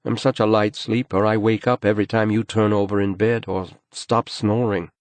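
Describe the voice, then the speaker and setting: Audiobook figure: a patronizing, irritable husband, read by a man in his own low voice, dry sound. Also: level tone, moderate pace, no room sound, lightly acted. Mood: dismissive. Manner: patronizing, brushing things off. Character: irritable, dismissive adult husband.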